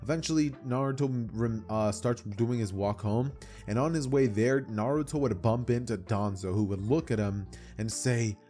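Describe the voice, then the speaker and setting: Mellow-voiced young man telling a story. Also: mid-range voice, moderate pace, faint music behind. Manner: rambling, slangy, self-correcting. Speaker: anime storyteller. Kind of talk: casual what-if storytelling.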